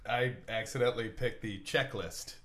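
A laid-back, jokey man chatting casually with friends. His voice is bright and forceful. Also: mid-range voice, normal speed. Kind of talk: casual chat.

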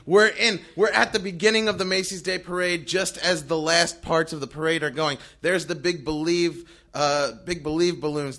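Young male storyteller on stage, high bright voice, animated and breathless. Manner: animated, breathless, laughing through his story. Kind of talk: live storytelling.

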